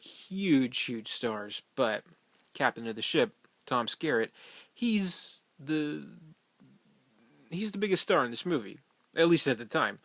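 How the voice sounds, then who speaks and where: A man talking through a film in a loose fan commentary, rambling and a little profane, with plenty of fillers and stray chuckles. His voice sits at an ordinary middle pitch. The sound is close and dry, with no room around it. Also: a bit bright, no echo.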